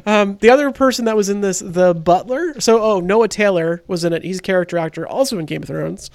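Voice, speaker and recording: A man's voice: high voice, a little fast, vocal fry, no room sound. A man co-hosting a casual movie podcast, rambling through cast trivia with a lot of profanity. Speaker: podcast co-host. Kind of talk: casual movie-review chat.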